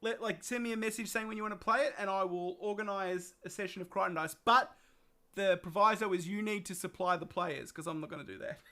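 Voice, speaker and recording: Game master host, casual and laughing, gravelly tone. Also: female voice, mid-range voice, fast, sharp tone. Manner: laughing, teasing, rambling. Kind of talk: casual stream sign-off chat.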